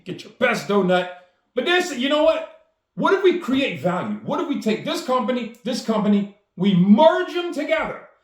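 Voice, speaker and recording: A very high-pitched man, a storyteller and speaker, tells a personal story enthusiastically. He acts out the dialogue, and the recording has a roomy sound.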